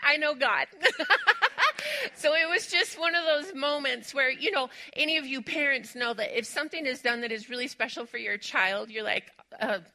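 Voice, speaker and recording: A woman's voice: high voice, normal speed. A middle-aged woman pastor giving a sermon in a church, chatty and laughing often as she tells a personal story. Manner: chatty and warm, laughs often, gets emotional. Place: church sanctuary.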